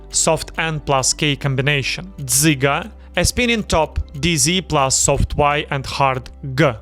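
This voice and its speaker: A man from Ukraine with a Ukrainian accent, speaking English as a second language and teaching pronunciation slowly and deliberately, repeating words for practice. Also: a little high, fairly bright tone. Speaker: language video host. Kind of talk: pronunciation lesson.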